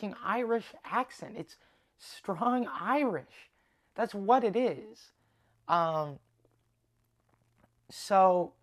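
A man's voice: high voice, a bit bright. A man, a stand-up comedian, telling rambling tour stories in a casual monologue, swearing freely and restarting his sentences often. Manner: profane, rambling, many restarts.

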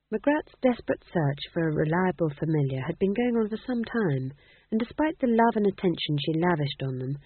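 Lively audiobook narrator over tinny line. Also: medium pitch, slightly rough. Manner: lively, expressive reading.

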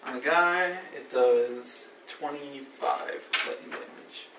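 A man's voice: medium pitch, slow pace. A man playing a tabletop game, reading out his rolls and making silly sound effects. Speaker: player. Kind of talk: casual tabletop play. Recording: roomy table recording, mic far off, noisy.

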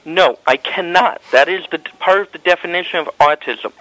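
A man calling a hotel desk with a complaint, measured, deliberate and insistent. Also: on the high side, fairly bright tone, rough recording. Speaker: hotel guest caller. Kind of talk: phone complaint.

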